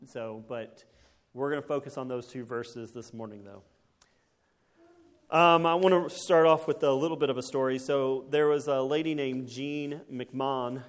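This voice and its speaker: Folksy preacher man, checking in. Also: medium pitch. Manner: folksy, keeps checking in with tag questions. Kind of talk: conversational sermon.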